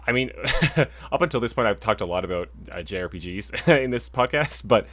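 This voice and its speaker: A man's voice: fairly low pitch, animated, moderate pace, a bit bright, dry recording. A young man co-hosting a video game podcast, chatting casually and rambling with lots of restarts. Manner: rambling, many fillers and restarts. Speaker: podcast co-host. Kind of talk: casual chat.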